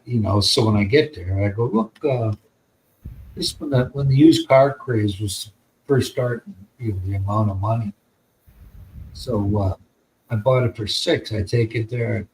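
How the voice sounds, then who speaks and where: A man's voice: lowish voice, a little mellow, poor audio. An American man telling a long, rambling story in casual podcast chat, with plenty of swearing. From United States. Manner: rambling, profane, laid-back. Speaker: podcast host.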